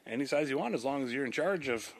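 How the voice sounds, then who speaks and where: A man chatting loosely on a home podcast, rambling from one joke to the next. His pitch swings in a lively way as he riffs. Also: quick pace, a crowd in the background. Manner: rambling, jokey, puts on silly voices. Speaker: podcast co-host. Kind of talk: casual chat. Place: home, seated on a sinking chair.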